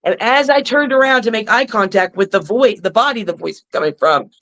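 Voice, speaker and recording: A woman who is a professional wrestler, a guest on a podcast, telling lively stories and cursing freely. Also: a little high, brisk, low-quality recording. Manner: animated storyteller who curses freely. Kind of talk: casual podcast chat.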